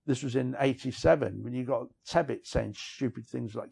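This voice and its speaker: Gravelly, husky and a little mellow, this middle-aged man's medium-pitched voice moves at normal speed. An author in a candid conversation outdoors on city streets, he tells rambling, frank, self-deprecating stories of his past, often saying "you know what I mean."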